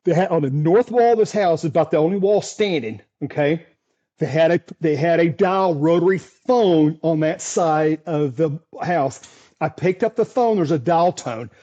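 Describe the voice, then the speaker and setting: A middle-aged man, a storm chaser, recounting a story as an interview guest in an animated, chuckling way with many restarts. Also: on the high side, normal speed, lo-fi sound.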